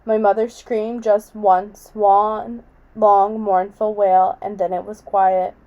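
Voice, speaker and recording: A woman reading a novel aloud in a quiet, measured way. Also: medium pitch, level tone, muffled recording. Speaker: audiobook reader.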